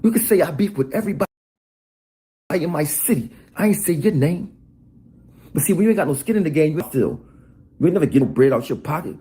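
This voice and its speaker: A man delivering a mocking, rapid-fire rant of trash talk. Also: on the high side, sing-song, mellow. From Harlem, New York. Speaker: rapper in played video clip. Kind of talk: animated insult rant.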